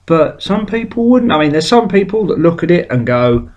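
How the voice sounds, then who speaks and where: A British man, a webcomic artist, hosts a weekly drawing show, rambling casually as he draws and telling self-mocking stories in which he acts out quotes. His voice is a little high, very animated and slightly mellow, at a moderate pace, though the audio sounds dull.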